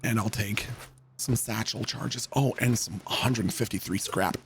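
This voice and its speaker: A young man streaming a game, telling a story in a loose, animated way and swearing freely. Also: lowish voice, unhurried, a little hiss or hum. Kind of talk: casual storytelling while gaming.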